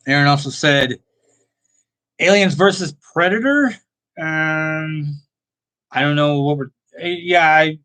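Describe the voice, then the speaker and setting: A man hosting a casual live stream, reading chat and telling stories in a rambling, animated way full of fillers. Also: on the high side.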